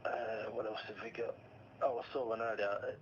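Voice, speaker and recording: Hesitant low-voiced man hosting radio. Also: level tone, moderate pace. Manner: hesitant, many uh fillers. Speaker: radio show host. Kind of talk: casual radio interview. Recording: dull lo-fi sound with faint noise.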